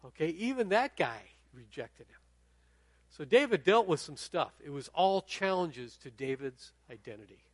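A middle-aged pastor delivers a sermon in a conversational style, often checking in with his audience. His voice is a little high and sing-song, at a moderate pace, in a dry recording.

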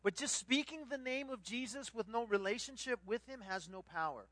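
A middle-aged man preaching a sermon, telling stories with lively put-on voices and bursts of laughter. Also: very high-pitched, moderate pace. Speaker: pastor.

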